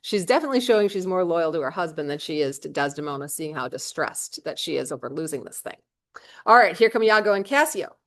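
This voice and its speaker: A woman's voice: sits low, lively intonation, fast talker, fairly bright tone. Chatty woman teacher. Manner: chatty, paraphrases in modern slang. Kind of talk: casual classroom explanation.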